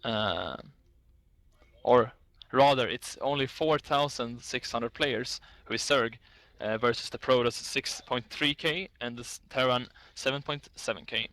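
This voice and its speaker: A man's voice: medium pitch, measured pace, fairly bright tone. A man casting an esports match, chatting casually and reading out statistics with frequent laughs. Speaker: esports caster.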